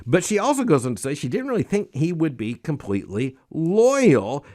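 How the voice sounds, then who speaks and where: Animated man giving emphatic news commentary. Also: on the high side, normal speed. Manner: emphatic, wry commentary with hesitations; reads quotations aloud. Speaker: host of a daily news analysis show.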